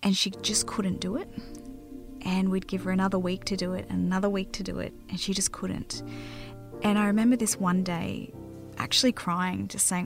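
An Australian mother telling her own story in a soft, halting way that often drops to a near whisper. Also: medium pitch, level tone, vocal fry, music in the background. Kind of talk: personal storytelling interview.

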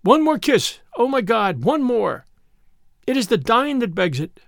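A man's voice: very high voice, big pitch swings, measured pace, gravelly, dry recording, clean studio sound, voice pushed up, exaggerated voice. A man voicing a desperate young mother who pleads and cries out in a storybook reading. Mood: pleading. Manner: shrieking, pleading.

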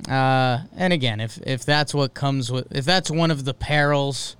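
A man's voice: medium pitch, measured pace, fairly bright tone, smooth, no room sound. A man co-hosting a casual sports podcast, rambling with fillers and restarts. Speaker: podcast co-host.

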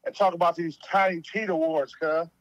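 A man's voice: on the high side, steady tone, normal speed, poor audio. A man calling in to a livestream, bantering and laughing. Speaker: call-in guest. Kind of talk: casual phone-in chat.

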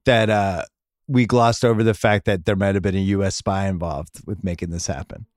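A man's voice: low voice, normal speed, no room sound, clean studio sound. A man hosting a sports podcast, chatting casually and jokingly about basketball. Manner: animated, jokey, reads ad copy conversationally. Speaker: podcast host.

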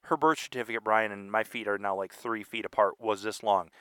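A man's voice: lowish voice, steady tone, brisk, a bit bright, clear, resonant tone, dry recording, clean studio sound. A man co-hosting a podcast, joking around and playing confused in a rambling way. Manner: jokey, rambling, mock-confused. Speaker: podcast co-host. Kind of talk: casual chat.

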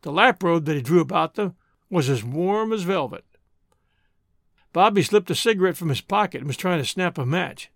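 Male storybook narrator, expressive, high and animated, dry close mic. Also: moderate pace, vocal fry, no echo. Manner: expressive, acts out character voices.

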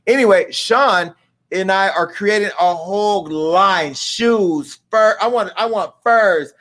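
A man's voice: sits high, takes it slowly, fairly bright tone. A man hosting a live-streamed show, talking in brash, profane, rambling banter with his audience and crew. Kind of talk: casual live-stream talk.

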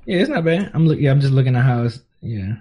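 A man hosting a live stream, chatting casually, laughing often, repeating phrases and shouting out viewers. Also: mid-range voice, animated, quick pace, slightly rough. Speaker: stream host.

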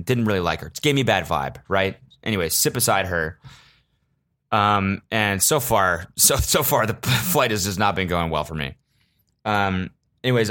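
A man with a lowish voice talks loosely through a story on his podcast. He rambles, swears often and throws in sarcastic jokes that he then walks back. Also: fairly bright tone. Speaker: podcast host. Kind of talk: casual comedic storytelling.

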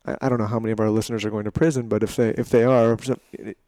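A man's voice: lowish voice, flat delivery, very fast, dark tone, no echo. A man hosting a podcast, asking long rambling questions with many restarts. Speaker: podcast host. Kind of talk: casual interview questioning.

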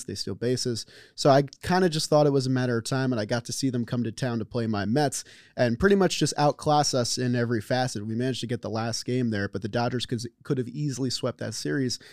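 A man's voice: mid-range voice, quick pace, hardly any pauses, a little mellow, no room sound, studio quality. A man filling in as co-host on a sports talk show, giving long analytical takes with some stumbles. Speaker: guest co-host.

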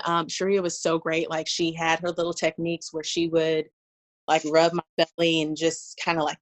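A young woman telling her birth story in a casual conversation, animated and laughing, acting out her own past lines. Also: on the low side.

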